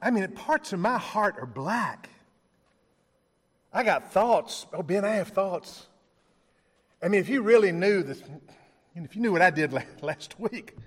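A man's voice: high-pitched, in a large hall. A man preaching a sermon, telling stories with acted-out dialogue and chuckling along the way.

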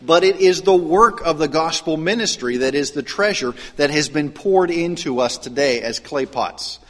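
A man preaching a sermon, his voice pitched a bit high for a man. He swings from raised, emphatic declarations to quiet, hushed asides. A long hall reverb trails after his words. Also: expressive, moderate pace. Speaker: pastor.

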